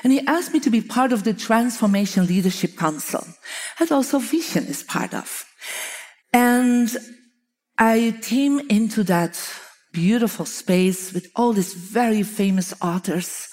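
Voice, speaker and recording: Woman telling lively stories. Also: fairly high pitch, unhurried. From Belgium. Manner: lively anecdotal telling, often laughing, acting out quoted dialogue. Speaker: feng shui teacher. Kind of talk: storytelling talk to an audience.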